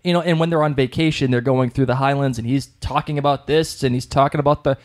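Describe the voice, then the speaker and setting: A man's voice: mid-range voice, steady tone, quick pace. A young man with a Boston accent co-hosting a podcast, talking in a chatty, rambling way with many restarts. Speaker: podcast co-host. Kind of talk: casual chat.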